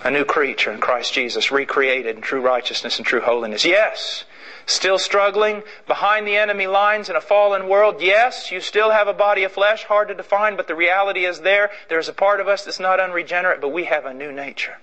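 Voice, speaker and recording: A man's voice: high voice, steady tone, brisk, bright, forceful tone, poor audio. A man preaching a sermon in an emphatic, repetitive way, acting out illustrations.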